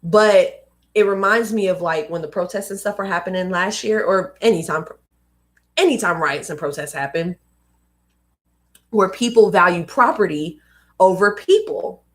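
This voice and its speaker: A woman's voice: on the low side, moderate pace. A young adult woman hosting a live read-aloud, reading a book and adding casual, emphatic asides. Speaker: host reading books aloud.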